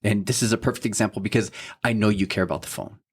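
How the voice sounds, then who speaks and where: A man's voice: on the low side, fairly even intonation, fast talker, husky. A man in his thirties co-hosting a faith podcast, telling a story about his son in a casual, earnest way and quoting what everyone said, with a lot of "you know what I mean.". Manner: heartfelt, earnest parental tone. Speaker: podcast co-host. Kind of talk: casual chat.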